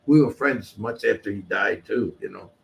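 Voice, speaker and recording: A man's voice: on the low side, normal speed, gravelly. Blunt, foul-mouthed older man telling stories. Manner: blunt, profane, streetwise. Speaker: guest. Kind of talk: storytelling in a casual interview.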